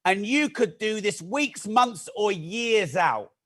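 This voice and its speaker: A man leads a live online masterclass, his voice pitched high for a man. He talks fast and chatty, breaking off to joke with viewers and call out their names. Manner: energetic, chatty, jokey asides to viewers. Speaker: masterclass host. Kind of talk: live-streamed teaching talk.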